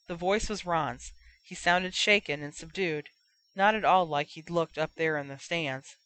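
A woman reading a fan fiction story aloud in a measured narration. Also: lowish voice, a bit bright. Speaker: audiobook reader.

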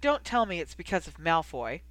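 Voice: medium pitch, sing-song, moderate pace, fairly bright tone, no echo. Feisty teasing young woman in an audiobook, read by the narrator, dry close sound. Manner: teasing, defiant. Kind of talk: audiobook character reading.

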